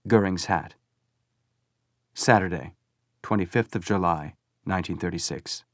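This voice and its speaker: A man reading a novel aloud as an audiobook narrator, measured and steady. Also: low-pitched, no room sound, clean studio sound. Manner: measured storytelling. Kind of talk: scripted narration.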